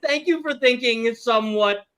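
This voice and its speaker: A man's voice: very high-pitched, normal speed, bright, forceful tone, clear, resonant tone. A man hosting a casual live-stream game show, laughing often and reading viewer chat aloud.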